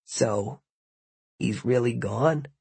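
A man's voice: medium pitch, very slow, vocal fry, a little mellow, breathy edge, no room sound, full character voice. A man voicing a plain-spoken, worried young man who asks hesitant questions.

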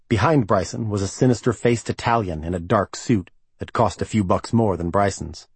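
Husky, low-voiced male audiobook narrator. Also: normal speed, hardly any pauses, no room sound. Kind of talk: scripted narration.

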